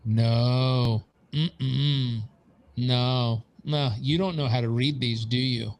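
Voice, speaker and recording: A man's voice: medium pitch, fairly even intonation, drawn-out words, a little mellow. A man imitating a blunt, dismissive accountant.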